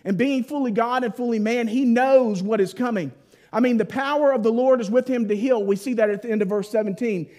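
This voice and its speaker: A man preaching a sermon, telling the story in a folksy, playful way with voiced asides, then dropping to a hushed, solemn tone at key points. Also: extremely high pitch, brisk.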